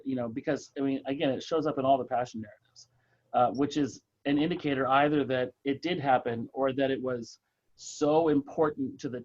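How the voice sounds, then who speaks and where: A man with an ordinary-pitched voice leads a relaxed church book group, thinking aloud thoughtfully and haltingly with many fillers and restarts. It's a casual group discussion, and the dull, lo-fi sound resembles an online call.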